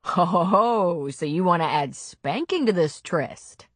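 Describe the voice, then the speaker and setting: A woman narrator voicing a tender adult male deputy, speaking low, soft and intimate. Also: lively intonation, measured pace, no echo. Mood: teasing.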